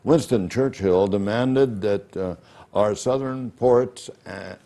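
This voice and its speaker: A male interviewer with a low, mellow voice. He speaks slowly and asks his questions in a halting, unhurried way.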